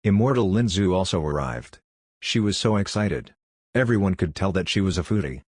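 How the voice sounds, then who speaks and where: Low husky guy reading an audiobook, dry close sound. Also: animated, moderate pace, dry recording. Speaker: audiobook narrator. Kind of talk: scripted narration.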